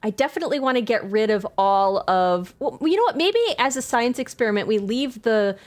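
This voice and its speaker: A woman's voice: on the high side, expressive, fairly quick, faint music behind. A woman streaming a game live, chatting casually in a rambling, enthusiastic way, full of filler words and self-corrections, laughing often.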